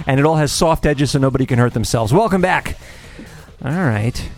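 A man's voice: medium pitch, normal speed, faint music behind. A man hosting a radio show, chatting casually and joking with fillers along the way. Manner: animated, joking, many fillers.

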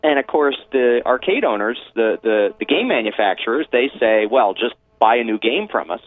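A man calling in as a guest on a talk show, telling his story in a relaxed way over a phone line. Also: mid-range voice, normal speed. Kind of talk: casual phone interview.

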